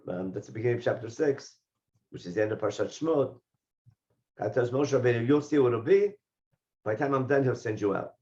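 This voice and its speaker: A man teaching a Torah class, reading Hebrew verses and explaining them in English, and getting lively when he voices the figures in the text. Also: medium pitch, lo-fi sound. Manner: animated when voicing the speakers in the text. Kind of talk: text study lesson.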